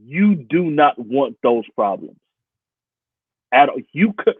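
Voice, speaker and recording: A man talks sports in loose, profane banter, his pitch swinging widely as he laughs often. The sound is thin and phone-like with no room echo at all. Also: sing-song, slow, slightly rough. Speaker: podcast co-host. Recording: tinny phone-like sound, dry.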